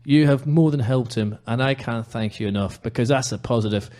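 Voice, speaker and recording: Male podcast host, passionate and emphatic, mid-pitched everyday voice. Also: brisk, darkish tone. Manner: impassioned, emphatic ranting. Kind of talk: casual football podcast chat.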